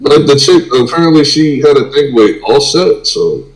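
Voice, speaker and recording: A man's voice: mid-range voice, normal speed, rough recording. Rambling man on a call-in stream. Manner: animated, rambling with fillers. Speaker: streamer host. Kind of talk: casual chat.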